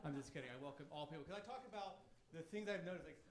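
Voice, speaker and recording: A man's voice: fairly high pitch, racing, a crowd in the background. A man in his thirties doing a stand-up routine on a comedy club stage, cocky, provocative and crude. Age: 30s. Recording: echoey club room.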